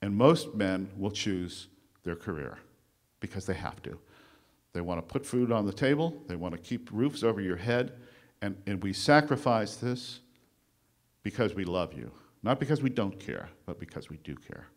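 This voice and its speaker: A man with a fairly low voice speaking to a conference room. He tells his story loosely and conversationally, pausing with many fillers, and his voice often trails off softly at the ends of phrases. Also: lively intonation. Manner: conversational, with frequent "uh" pauses while recounting history. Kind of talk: lecture at a conference. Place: conference room before an audience.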